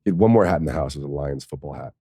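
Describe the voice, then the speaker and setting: A low-pitched man with a dark, mellow voice tells a raw personal story as a podcast guest. He talks candidly and swears freely, and he is tearful at times. The sound is dry and close. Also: lively intonation, racing, husky, no room sound. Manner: candid and profane, with laughs and soft, choked passages. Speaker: podcast guest, former pro football player.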